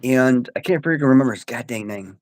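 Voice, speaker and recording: A man's voice: medium pitch, expressive, fairly quick. A man in his forties, a laid-back podcast host who chats about films and laughs easily. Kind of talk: casual chat.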